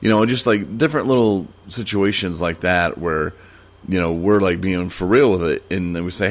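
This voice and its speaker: Deep-voiced man rambling on a podcast. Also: moderate pace. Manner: rambling, with many "you know" fillers and restarts. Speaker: podcast host. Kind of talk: casual solo podcast monologue.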